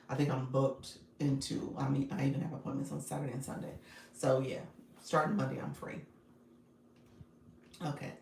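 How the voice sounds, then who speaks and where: A low, gravelly-voiced woman chatting with her viewers on a livestream, quick to laugh and talking right to her audience. She sounds a little off-mic in an echoey room with faint noise behind her. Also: distant mic. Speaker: coach and livestream host. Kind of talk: casual livestream chat.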